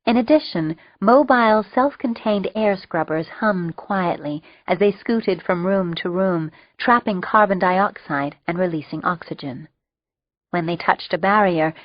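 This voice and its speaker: A woman narrating an audiobook with steady, wry storytelling. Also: medium pitch, dry recording. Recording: dull lo-fi dry recording.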